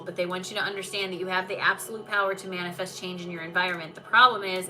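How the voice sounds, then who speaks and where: A woman's voice: medium pitch, bright, forceful tone. A woman hosting a live oracle card reading stream, chatty and reassuring, talking to viewers by name. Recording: distant mic with background noise.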